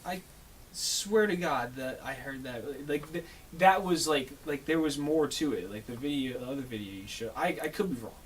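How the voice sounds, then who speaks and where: A man co-hosting a podcast in casual chat, with a husky voice, reacting with exclamations and swearing. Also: medium pitch, moderate pace, far from the mic, a little hiss or hum. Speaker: podcast co-host.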